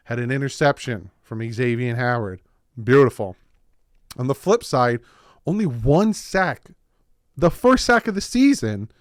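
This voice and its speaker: A man hosting a casual football recap video, excited and winded, rattling off game stats. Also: mid-range voice, clean tone, no room sound, clean studio sound. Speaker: sports video host.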